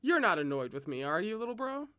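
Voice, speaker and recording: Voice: mid-range voice, sing-song, normal speed, a bit bright, no echo, clean studio sound. A reader voicing an easygoing young cultivator who is secretly a monster, in a read-aloud novel, speaking in a breezy, lightly mocking way. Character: smiling easygoing monster posing as a young man.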